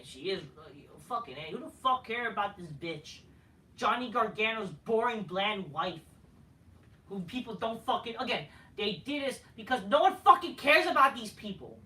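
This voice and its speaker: A woman's voice: a little high, sharp tone. A woman hosting a wrestling show review, ranting in a crude, sarcastic, heated way. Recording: echoey room, far from mic.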